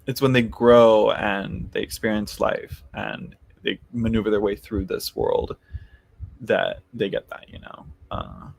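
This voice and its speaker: A man's voice: lowish voice, expressive, unhurried, creaky, slight background noise. A man hosting a casual live tarot chat, rambling with many restarts and laughing easily as he talks to viewers.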